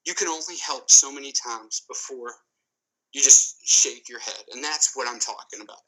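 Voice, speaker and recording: Bright-voiced man talking emphatically. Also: mid-range voice, poor audio. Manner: repetitive, emphatic, restarts often. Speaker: guest commentator. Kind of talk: casual podcast interview.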